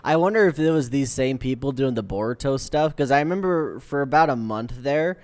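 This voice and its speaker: A man's voice: mid-range voice, animated, fairly quick, no room sound. A man co-hosting an anime podcast in casual chat, rambling and correcting himself, laughing as he goes. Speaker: podcast co-host.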